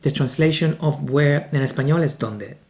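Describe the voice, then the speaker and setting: A man from Spain with a Spanish accent, teaching a beginners' language lesson in an upbeat way, slowing down for the example sentences. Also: fairly high pitch, darkish tone.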